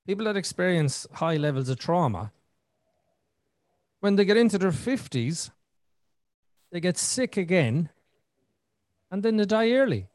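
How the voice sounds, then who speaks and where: A middle-aged man hosting a podcast in casual conversation, animated and talkative, repeating words and acting out his own thoughts. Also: high-pitched, measured pace, pauses often, no echo, studio quality. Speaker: podcast host.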